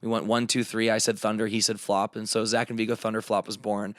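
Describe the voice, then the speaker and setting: A man's voice: fairly low pitch, fast talker, dry recording, studio quality. A man in his thirties from the Chicago area, a comedian guest telling stories with frequent laughs in casual podcast chat. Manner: animated storyteller, laughs often.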